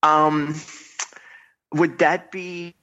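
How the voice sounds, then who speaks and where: An American man talks casually over a video call, his voice bright and forceful. He speaks hesitantly, with frequent restarts. He is calling from a foyer in an office building. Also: fairly high pitch, level tone, very slow, highs cut off. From United States. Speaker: guest.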